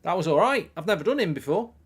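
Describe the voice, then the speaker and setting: A man's voice: sits high, very animated, fast talker, breathy edge. A man hosting a football watchalong, rambling and joking while reading out viewer comments. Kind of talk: casual livestream chat, reading comments.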